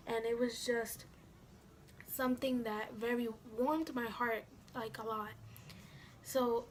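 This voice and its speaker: A woman's voice: a little high, slight background noise. Chatty young woman vlogger. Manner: rambling, lots of fillers and quoted dialogue. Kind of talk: casual storytime chat.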